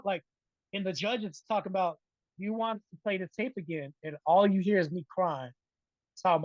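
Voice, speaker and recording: A middle-aged man telling a personal story in a casual interview, animated and checking in with "right?" over and over. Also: sits high, brisk, dry recording, muffled recording. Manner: animated, keeps adding "right?". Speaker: interview guest.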